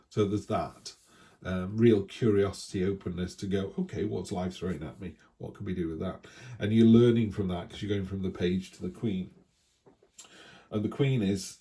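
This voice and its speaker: Casual male tarot reader, low warm voice, rambling and friendly restarts. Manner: chatty, thinking aloud, with many restarts.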